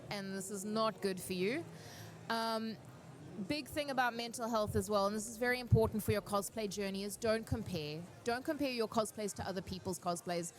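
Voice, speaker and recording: A woman speaking on a cosplay panel, giving earnest, encouraging advice and telling stories in an animated way. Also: medium pitch, moderate pace, a little hiss or hum.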